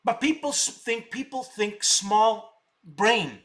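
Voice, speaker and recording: A man's voice: sits high, expressive, slow pace, fairly bright tone. A middle-aged man hosting a live stock-trading stream, boasting and combative, repeating words for emphasis.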